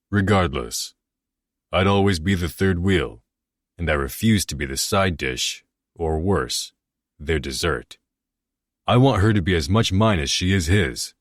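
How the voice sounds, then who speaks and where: A man's voice: low voice, dry recording, studio quality. A man narrating a first-person romance audiobook in a brooding, self-critical way.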